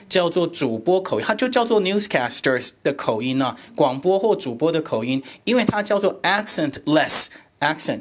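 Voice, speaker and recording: A man presenting a teacher workshop, explaining animatedly and switching between Mandarin and English. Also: medium pitch. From Taiwan. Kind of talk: bilingual lecture and discussion.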